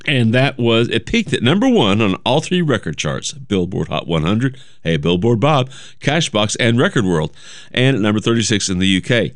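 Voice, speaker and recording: A man's voice: fairly low pitch, expressive, normal speed, no echo, studio quality. A man hosting a radio music show, chatting loosely between songs and reading notes aloud. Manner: rambling, chatty, self-correcting. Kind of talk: casual radio chat. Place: radio studio. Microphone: studio mic.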